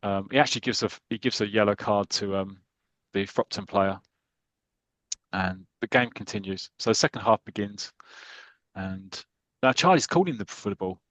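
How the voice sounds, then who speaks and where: A man's voice: fairly low pitch, normal speed, a bit bright, dry recording. British guy chatting through a comic plot, lots of ums, close dry mic. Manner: reads comic dialogue aloud in light voices, hesitant fillers. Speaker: podcast co-host. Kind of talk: casual chat retelling a comic.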